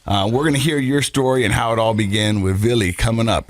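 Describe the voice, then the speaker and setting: A man's voice: medium pitch, fast talker, dry recording. Upbeat male podcast host, easy conversational delivery, dry studio sound. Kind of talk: casual podcast interview.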